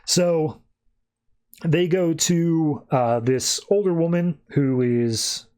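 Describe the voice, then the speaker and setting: A man's voice: on the high side, drawn-out words, darkish tone. A man hosting a podcast, casually retelling a comic issue in a chatty, loose way with plenty of fillers. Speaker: podcast host. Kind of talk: casual comic book recap.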